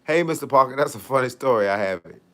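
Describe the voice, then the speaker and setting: A man's voice: medium pitch, animated, fast talker, bright, forceful tone. A man, a fitness coach, chatting casually on a live stream, joking in heavy slang and reading out viewer comments.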